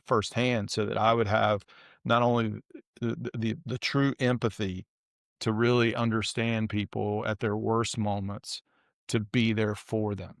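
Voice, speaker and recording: A man's voice: lowish voice, no room sound, clean studio sound. A middle-aged man from the Southern United States, a podcast guest telling a personal story in an earnest, reflective way with frequent restarts.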